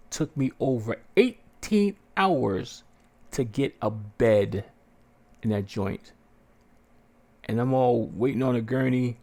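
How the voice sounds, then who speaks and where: Swearing, animated man telling a story. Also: mid-range voice. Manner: profane, animated, acts out quotes in a raised voice. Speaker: podcast host. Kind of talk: casual storytelling chat.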